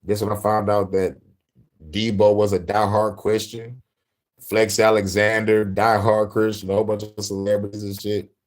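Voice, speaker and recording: A man's voice: lowish voice, flat delivery, normal speed. A man hosting a casual, profane monologue, laughing often and telling stories with animation. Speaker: host.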